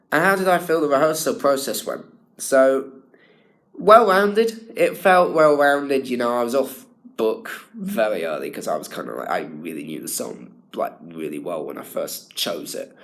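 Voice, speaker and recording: Low-voiced young man, rambling. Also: gravelly. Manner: rambling, full of fillers and restarts. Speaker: drama student. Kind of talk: spoken self-evaluation.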